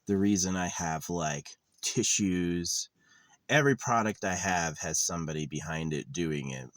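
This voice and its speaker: Guy in his 30s rambling on a vlog, real low voice, dry close sound, kinda sardonic and sweary. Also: measured pace, no room sound. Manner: meandering, sardonic, swears casually. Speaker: vlogger. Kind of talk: rambling monologue. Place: lives in a van.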